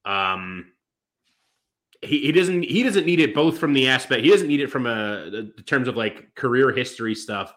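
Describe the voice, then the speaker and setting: Male co-host, mid-pitched, lively intonation, rambling casual podcast chat with lots of fillers. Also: normal speed.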